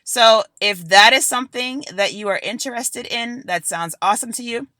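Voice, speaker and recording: Woman solo podcast host, motivational and emphatic; bright voice, dry sound. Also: fairly high pitch, normal speed, no echo. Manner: energetic, emphatic, repetitive.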